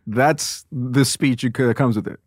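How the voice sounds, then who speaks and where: A man's voice: mid-range voice, moderate pace, breathy edge, no echo, studio quality. A man hosting a casual chat, chiming in with brief joking asides.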